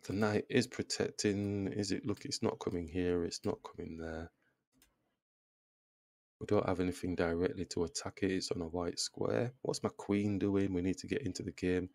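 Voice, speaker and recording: A man's voice: sits low, fairly even intonation, normal speed, creaky, a little mellow, dry recording, clean studio sound. A man giving casual chess commentary, thinking aloud move by move and groaning at his own mistakes. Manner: self-deprecating, groans at his own blunders. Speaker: chess video creator.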